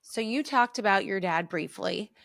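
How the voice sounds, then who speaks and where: A woman interviewing a guest, speaking in a warm, encouraging and affirming way. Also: mid-range voice, normal speed, gravelly, no room sound, clean studio sound. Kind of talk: supportive interview talk.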